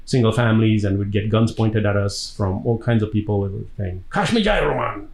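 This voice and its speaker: A man from Tanzania, an actor being interviewed, telling long, lively stories with a laugh between them. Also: on the low side, fairly quick, rough recording. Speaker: actor guest. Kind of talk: casual interview storytelling.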